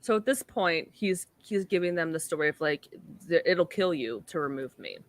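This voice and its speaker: A young woman co-hosts a podcast, casually recapping an episode in a lowish, animated voice at a moderate pace. She fills her talk with "like" and acts out the quoted lines, and there's no echo.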